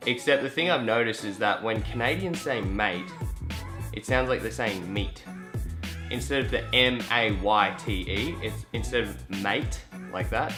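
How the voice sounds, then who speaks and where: A young Australian man with a lowish voice rambles casually at home, cursing freely. Faint music plays underneath. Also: moderate pace. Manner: chatty, rambling, swears freely. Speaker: vlogger. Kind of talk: casual vlog monologue.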